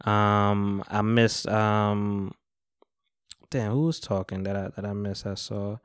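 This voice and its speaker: A man's voice: lowish voice, fairly even intonation, takes it slowly, clear, resonant tone, dry recording, studio quality. A young man hosting a podcast, talking in a loose, rambling way with plenty of slang and cursing. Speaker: podcast host. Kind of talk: casual chat.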